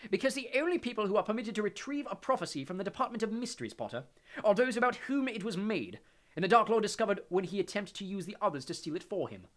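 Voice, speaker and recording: A man's voice: sits high, sing-song, fast talker, fairly bright tone, pitched above the performer's own voice. A man doing sneering villain Lucius Malfoy. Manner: sneering, menacing, commanding. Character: sneering, cold aristocratic male villain.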